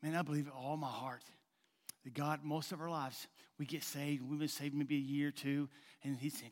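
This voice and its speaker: A man's voice: fairly high pitch, moderate pace. Folksy preacher man in a reverberant hall. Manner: folksy, loose and rambling, coaxing and soft at times. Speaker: pastor. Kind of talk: sermon. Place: church sanctuary.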